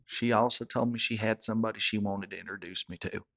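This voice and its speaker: A man's voice: on the low side, fairly even intonation, fast, gravelly, a bit bright. A man, telling a rambling comic story in character with stumbling repeats. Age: 30s. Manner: hillbilly drawl, stumbling repeats. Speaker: comedy character narrator. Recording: dull lo-fi recording.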